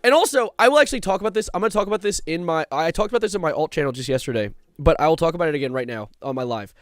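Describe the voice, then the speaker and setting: A young man in his twenties talks on a live stream in a loose, rambling way, hopping from chat replies back to his point. His voice sits a little high and swings up and down a lot. It sounds dry and close. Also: rapid-fire, dry recording. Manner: rambling, animated, jumps between chat and topic.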